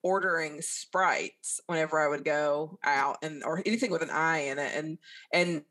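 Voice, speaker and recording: A woman from northeast Alabama with a softened Southern Appalachian accent, chatting candidly as a podcast guest with a self-deprecating humor. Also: low voice, moderate pace. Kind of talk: casual interview chat.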